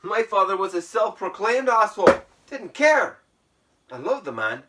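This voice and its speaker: A man's voice: high voice, very animated, normal speed, recorded from a distance, very noisy. A man vlogging while sitting in an ice bath at home, musing aloud in a rambling, self-mocking way with a put-on Irish brogue. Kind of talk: casual reflective monologue.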